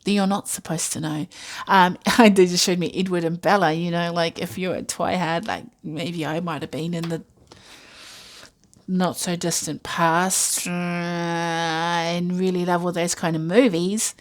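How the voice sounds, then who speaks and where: A woman talks through a tarot spread in a loose, meandering way, full of fillers and asides. Her voice sits a little low for a woman. The style is a relaxed, intuitive reading. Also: measured pace. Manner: rambling, musing, many fillers and asides. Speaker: tarot reader.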